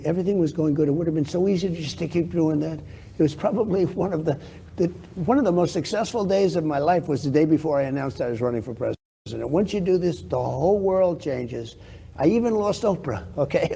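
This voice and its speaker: Fairly quick in his delivery, the older New York guest on this television interview wanders and brags, coming back to repeat himself. Gravelly and very dark, his voice still lands a little higher than the average man's.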